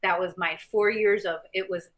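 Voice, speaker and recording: A middle-aged woman from the US Midwest, a guest telling animated stories in an interview and acting out other people's lines. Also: mid-range voice, moderate pace. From Missouri, US Midwest. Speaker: guest, former champion fighter and stuntwoman. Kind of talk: interview storytelling.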